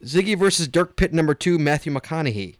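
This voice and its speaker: Male podcast host, expressive pitch, easygoing and laughing, dry mic. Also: no echo. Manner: laughs often, reads listings slowly. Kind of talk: casual podcast chat.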